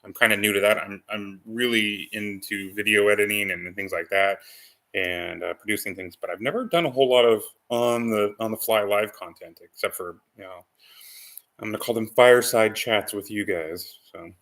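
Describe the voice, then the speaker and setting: A man's voice: lowish voice, fairly even intonation, moderate pace, fairly bright tone. A man hosting a casual live-stream chat with viewers, rambling with many ums and restarts. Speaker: channel host.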